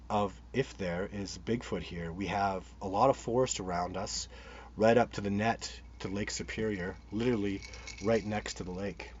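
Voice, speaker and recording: Answering viewer comments on his live Bigfoot stream, this Canadian host speaks at normal speed in a low, husky voice. He rambles eagerly with many restarts, and the sound is dull with a faint noise underneath.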